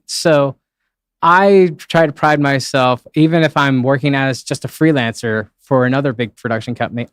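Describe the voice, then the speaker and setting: A man's voice: medium pitch, no echo, clean studio sound. A man working as a live event streaming producer, answering interview questions in a rambling, casual way, with plenty of fillers and acted-out quotes.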